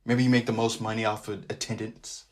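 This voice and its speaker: A man's voice: fairly low pitch, little pitch movement, brisk. A man hosting a casual sports podcast, joking around, repeating his phrases and sliding into a sing-song delivery. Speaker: podcast host.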